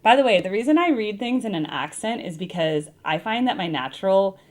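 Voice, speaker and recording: A woman's voice: mid-range voice, fairly quick. A woman with a Midwestern American accent, talking animatedly and playfully as a music reaction vlogger reading viewer comments. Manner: animated and playful, laughs often. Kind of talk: reading viewer comments aloud with casual asides.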